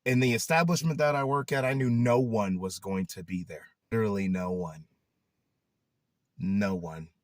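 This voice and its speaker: A young man chatting in a casual vlog, animated and laughing often, who trails off into rambling asides. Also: lowish voice, moderate pace, no echo, clean studio sound. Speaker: YouTuber.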